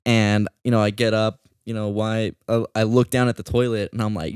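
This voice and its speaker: Host man with a smooth, dry voice. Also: on the low side, fairly quick, no room sound. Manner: animated storyteller, swears often. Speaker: podcast host. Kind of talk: casual storytelling chat.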